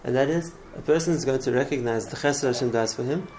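A man's voice: medium pitch, fast talker, darkish tone, slight background noise, poor audio. A man teaching a religious class in an earnest way, often repeating words and restarting his phrases. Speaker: Torah teacher.

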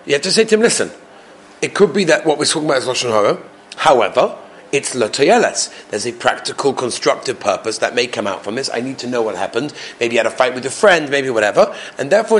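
Fast-talking man teaching a class. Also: medium pitch. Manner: animated, asks the class questions. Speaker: Torah teacher. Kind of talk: classroom Torah lesson.

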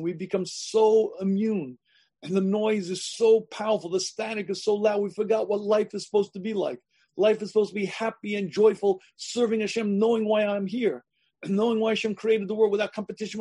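A man lecturing as a rabbi, emphatic, repeating his phrases and often clearing his throat, on a video call. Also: sits high, mellow. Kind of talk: sermon-style lecture.

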